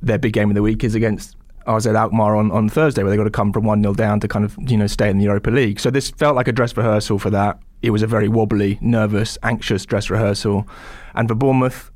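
A man's voice: lowish voice, steady tone, quick pace, hardly any pauses, a little mellow, dry recording, clean studio sound. A man reporting on a football match in a podcast chat, thoughtful and a bit hesitant. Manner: thoughtful, hesitant, many restarts. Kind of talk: casual podcast discussion.

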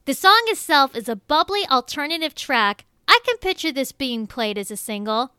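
A woman giving scripted music review commentary, reading out facts and figures in an even, measured delivery. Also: high-pitched, dry recording, clean studio sound.

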